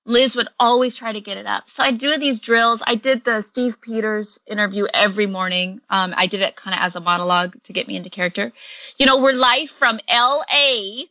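Bright-voiced chatty actress, dry sound. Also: female voice, medium pitch, brisk, no echo, muffled recording. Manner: chatty, many fillers, laughs often. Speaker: actress guest. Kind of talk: casual interview chat.

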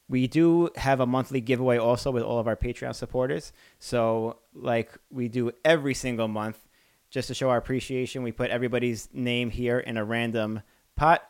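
An easygoing man co-hosts a casual podcast and reads out supporter names in a relaxed way. His voice is smooth and clear at a middle pitch, recorded dry and close to the mic. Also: dry recording. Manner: laughs easily, relaxed reading of shout-outs. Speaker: podcast co-host.

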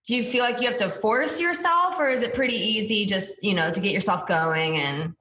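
A woman's voice: mid-range voice, brisk, sharp tone, a little hiss or hum. Curious woman co-host in a roomy space. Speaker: podcast co-host. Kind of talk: casual interview chat.

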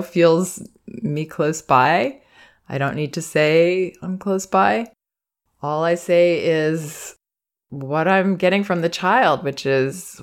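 A woman parenting educator giving calm, reflective advice in a monologue, sometimes acting out soothing phrases meant for a child. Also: sits low. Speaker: parenting educator and podcast host.

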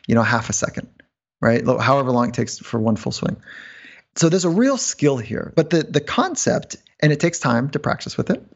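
Man guest on a podcast, gravelly voice, rambling, slightly dull lo-fi sound. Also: mid-range voice. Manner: rambling, laughs often, quick asides. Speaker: podcast guest, performance psychologist. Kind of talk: animated interview storytelling.

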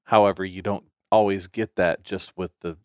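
Man, low voice, measured talker, dry mic. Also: level tone, darkish tone, clean tone, no echo. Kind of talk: casual podcast chat.

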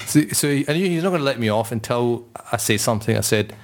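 A man's voice: mid-range voice, fast. A man, an Islamic scholar, telling personal anecdotes on a panel and acting out the voices of the people in them. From Britain. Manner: animated, acts out voices in stories. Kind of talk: anecdotal storytelling.

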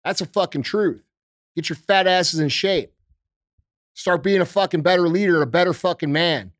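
A man's voice: high-pitched, moderate pace, no room sound, studio quality. A man hosting a podcast, ranting with heavy swearing and repeated rhetorical questions. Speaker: podcast host. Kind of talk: profane political rant.

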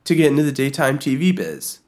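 A man co-hosting a podcast, telling a story in an animated, giggly way. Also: medium pitch, fairly quick. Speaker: podcast co-host. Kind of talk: casual comedic chat.

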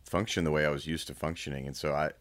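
Very deep-voiced man, halting and reflective. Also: steady tone, fairly bright tone. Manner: reflective, halting, many restarts. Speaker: guest. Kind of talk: candid personal conversation.

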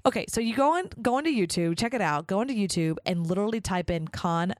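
A woman's voice: medium pitch, animated, fast talker, dry recording. A woman hosting her own podcast, talking in a chatty, enthusiastic way with lots of casual fillers. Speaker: podcast host. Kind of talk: casual solo podcast monologue.

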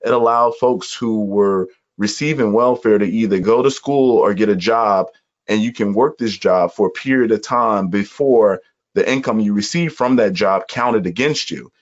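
A man from Chicago, a guest telling his life story in an earnest, reflective conversation with measured pauses. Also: on the low side. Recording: muffled, dull audio.

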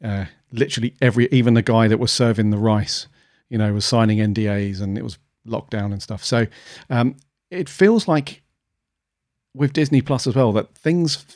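A man's voice: mid-range voice, normal speed, a little mellow, no echo, clean studio sound. A man co-hosting a podcast in casual chat, musing aloud with many fillers. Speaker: podcast co-host.

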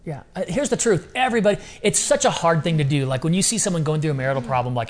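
A middle-aged man talking as a podcast guest in casual interview chat, animated and repeating phrases for emphasis. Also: fairly high pitch, fast talker, few pauses. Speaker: podcast guest, ministry founder.

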